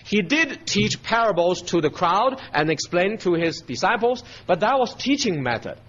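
A man's voice: sits high, sing-song, moderate pace, fairly bright tone, highs cut off, a little hiss or hum. A man giving a verse-by-verse Bible teaching, emphatic and checking in with his listeners with a frequent "okay?".

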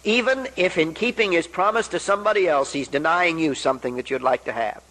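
A man delivering a sermon in a somewhat high voice. He speaks earnestly and deliberately, explaining scripture and pressing his points with rhetorical questions and repeated phrases. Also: pushed and bright, low-quality recording. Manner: emphatic, with rhetorical questions and repetition; earnest, deliberate Bible exposition. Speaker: preacher.

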